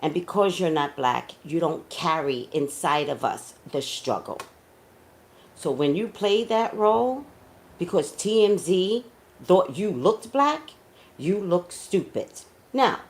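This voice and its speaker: A woman giving blunt, scolding, emotional celebrity commentary as a psychic. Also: fairly low pitch.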